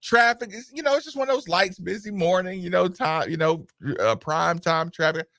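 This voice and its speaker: Brief: male radio host, animated rambling storyteller, bright forceful tone, dry studio sound. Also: high voice, normal speed, no room sound. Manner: animated, digressive, breaks into voices of others. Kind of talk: casual talk-show storytelling.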